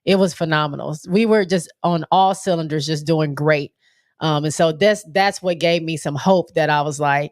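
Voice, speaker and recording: A low-pitched woman hosts a casual sports live stream in a stuffy, nasal voice. She rambles, full of fillers and restarts. The sound is dry and close, with no room echo. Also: normal speed. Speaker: show host.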